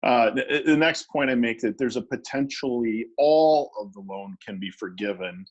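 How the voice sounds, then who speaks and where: A man's voice: mid-range voice, normal speed, breathy edge, dull audio. A man who works as a business lawyer, presenting a webinar in a conversational way with many fillers and restarts.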